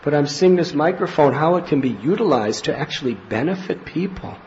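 A man with a fairly high, expressive voice delivers a devotional spiritual talk, swinging his pitch widely as he spins anecdotes. The recording is slightly muffled and lo-fi, with a faint hum of room ambience behind him. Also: a little fast. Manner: animated storyteller, acts out scenes with laughs and cries. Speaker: spiritual teacher.

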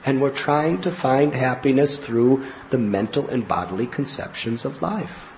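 A man giving a devotional spiritual talk as a teacher, telling anecdotes in an animated way and acting out scenes. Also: medium pitch, measured pace, a little hiss or hum. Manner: animated storyteller, acts out scenes with laughs and cries. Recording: slightly muffled lo-fi recording with faint ambience.

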